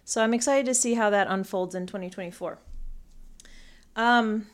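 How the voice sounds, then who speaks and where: On her own podcast, an astrologer from northern England who sounds American talks in a loose, rambling way, with plenty of ums and light laughter. Her voice is mid-range and her pace moderate.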